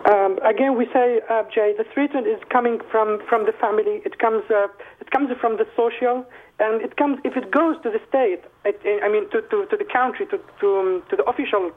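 A man, a guest calling in by phone, speaking haltingly and repeating words as he searches for them. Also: sits high. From Syria. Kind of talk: phone interview. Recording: tinny phone line.

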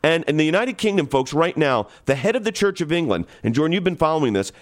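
A man's voice: on the high side, very animated, quick pace. A man hosting a radio call-in talk show, making urgent, emphatic appeals to his listeners.

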